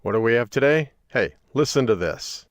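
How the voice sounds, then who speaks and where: A man from Michigan hosts a solo podcast, talking in an upbeat, jokey, folksy manner. His medium-pitched voice is expressive and moves at a moderate pace.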